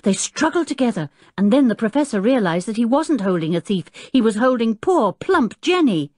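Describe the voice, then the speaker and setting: A woman reading a children's adventure story aloud in an expressive, suspenseful way. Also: on the high side, normal speed, no room sound, clean studio sound. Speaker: audiobook narrator. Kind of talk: scripted story narration.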